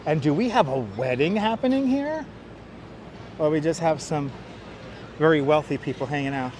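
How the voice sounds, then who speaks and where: A man's voice: fairly high pitch, animated, normal speed, a little mellow, slight background noise. A man with a Brooklyn accent giving a chatty walking tour on a livestream outdoors in a city park, talking to viewers on a clip-on mic. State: out of breath from walking uphill. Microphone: wireless clip-on mic.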